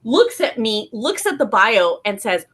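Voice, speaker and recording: A woman's voice: a little high, measured pace, husky. A woman on a panel telling an anecdote, acting out the people she quotes. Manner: animated storyteller acting out quoted voices. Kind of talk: casual panel chat.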